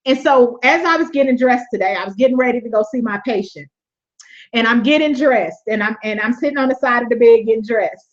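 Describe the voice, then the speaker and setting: A woman hosting a webinar, giving a lively motivational faith talk, laughing often and repeating her points like a preacher. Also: on the high side, a little fast. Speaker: webinar host. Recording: dull lo-fi webinar audio.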